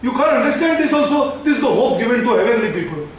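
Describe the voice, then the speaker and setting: A man's voice: very high voice, animated, fast talker. A man, preaching emphatically, repeating lines and slipping into Hindi. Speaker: pastor. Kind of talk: sermon. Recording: echoey hall, voice from a distance.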